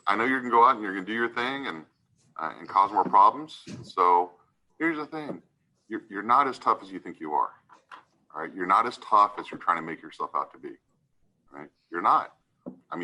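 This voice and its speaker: A man's voice: on the low side, pushed and bright, poor audio. A man serving as judge, giving a stern courtroom lecture and repeatedly asking "right?" to press his point.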